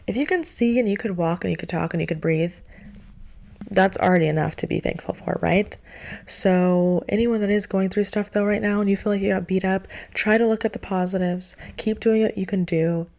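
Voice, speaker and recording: A woman's voice: mid-range voice, fairly quick, vocal fry, a little mellow. A young woman vlogging a casual, earnest monologue of faith-filled encouragement, repeating herself for emphasis.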